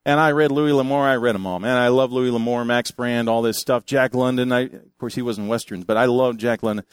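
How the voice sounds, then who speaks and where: An older man preaching a sermon, telling stories in an animated, folksy way and reading scripture aloud. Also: mid-range voice, brisk, clean tone, no echo, clean studio sound. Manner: animated storytelling with folksy asides. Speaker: pastor.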